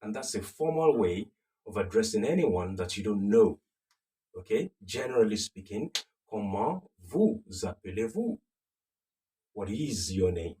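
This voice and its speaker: A man teaching a recorded beginner French lesson, patiently repeating phrases slowly and checking in with the viewer. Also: on the low side, sing-song, dark tone, distant mic, slight background noise.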